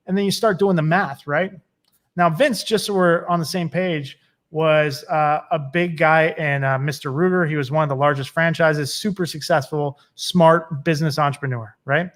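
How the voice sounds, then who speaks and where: A man's voice: fairly high pitch, steady tone, normal speed, a bit bright. A man being interviewed as a business consultant. He talks emphatically in a casual style, tells stories that build to a point, and keeps checking in with "right?". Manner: storytelling, builds up to punchlines.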